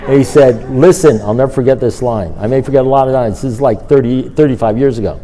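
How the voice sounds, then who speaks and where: A man's voice: mid-range voice, fast, few pauses. An older man speaking at a recovery meeting, telling a personal story and acting out the dialogue with his sponsor. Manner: storytelling, animated, acts out dialogue. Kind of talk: personal testimony talk.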